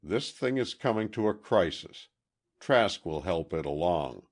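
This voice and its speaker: Give me a man playing a calm, reassuring detective, deep and slow. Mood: measured. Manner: measured, reassuring.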